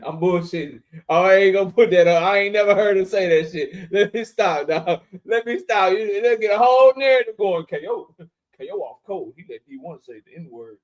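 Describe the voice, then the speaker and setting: A young man with a high voice runs a casual livestream and calls out one viewer after another by name. He jokes, cusses freely and riffs with his chat in loud, loose banter. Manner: loud, joking shout-outs to chat, profane. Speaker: livestream host.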